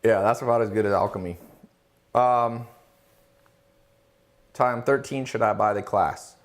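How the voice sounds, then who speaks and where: Here the man keeps a measured pace and a fairly low pitch. Hosting a casual live Q&A, he reads chat questions aloud and then responds in a self-assured, emphatic, lecturing manner, leaning on rhetorical questions.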